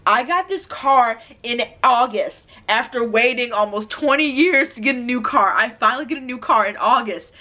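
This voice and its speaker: A young woman telling a story in a casual, animated vlog while doing her hair, exasperated at times. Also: on the high side, moderate pace, few pauses. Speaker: hair vlogger.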